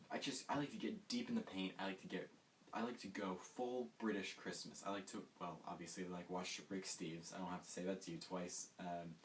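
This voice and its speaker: A man hosting a comedic monologue, rambling and mocking himself with sarcastic asides. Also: low voice. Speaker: host. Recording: distant mic with faint hiss.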